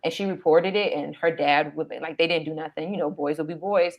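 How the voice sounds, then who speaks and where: A middle-aged woman talking bluntly and emphatically in a relaxed chat. Her voice is notably low for a woman. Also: fairly quick. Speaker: mother and co-host. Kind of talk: casual chat.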